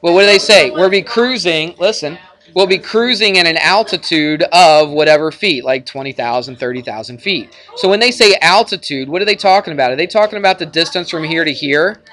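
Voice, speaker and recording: A man's voice: on the high side, animated, brisk, a bit bright. A male math teacher lecturing a class in a classroom, chatty and jokey, bantering with his students.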